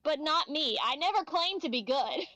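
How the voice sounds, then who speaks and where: A woman chatting on a reading stream, self-conscious and halting, often restarting her sentences. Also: sits high, expressive, sharp tone. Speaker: guest reader. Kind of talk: casual reading stream chat.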